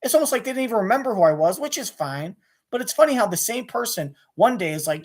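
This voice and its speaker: A man's voice: high-pitched, lively intonation. A man ranting angrily about being cut off as a sports radio caller, swearing and restarting his sentences. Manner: rapid, restless, with many restarts and swearing. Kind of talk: angry profane rant to camera.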